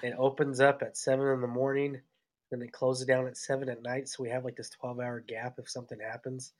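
Podcast host guy, mid-pitched, keeps things on track, quick and direct. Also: flat delivery. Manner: steers the talk, brisk and direct. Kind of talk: casual podcast chat.

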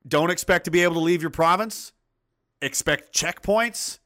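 A man hosts a livestream and reads viewer comments from the chat aloud, ranting with crude, mocking, blunt commentary. His voice is on the high side, bright and forceful, at a moderate pace.

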